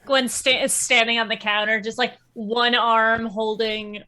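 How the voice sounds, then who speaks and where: A woman's voice: a little high, flat delivery, a little slow, bright, forceful tone. A woman playing a tabletop game, blunt and profane, often laughing. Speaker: player.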